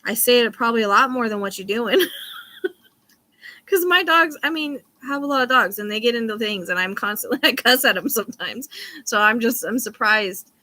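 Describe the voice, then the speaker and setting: A woman's voice: a little high, moderate pace, pushed and bright, dry recording. A woman in her thirties chatting casually on a livestream, rambling and swearing now and then. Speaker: livestream host.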